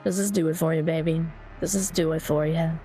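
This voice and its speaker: A man's voice: on the high side, steady tone, brisk, warm tone, faint music behind, voice pushed up. A man speaking through an AI voice changer that makes him sound like a nerdy anime female scientist. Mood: teasing. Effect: AI voice changer turning him female.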